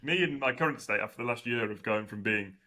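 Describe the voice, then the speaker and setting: A man with a bright, forceful voice hosts a casual podcast chat. He jokes and laughs easily as he keeps things moving. He is heard over a video call. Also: medium pitch, fast. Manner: chatty, laughing, jokey. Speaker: podcast host.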